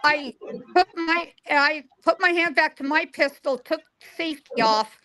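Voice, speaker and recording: A woman in her forties, appearing as a guest psychic in a casual interview, tells stories and acts out the dialogue with animation. Her voice sits high and she speaks at a measured pace, with background noise present.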